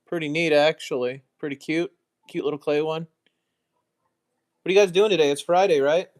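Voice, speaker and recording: A man's voice: fairly high pitch, normal speed. An American man chatting casually on a live stream, muttering asides and mocking himself as he goes. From United States. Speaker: streamer, card collector.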